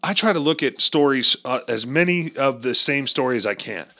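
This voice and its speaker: A man in a loose, profane rant, joking and swearing freely. His voice sits at an ordinary male pitch, and he breaks off into mocking voices. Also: lively intonation, normal speed, bright, forceful tone. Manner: crude, joking, swears often, does voices. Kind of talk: casual profane political rant.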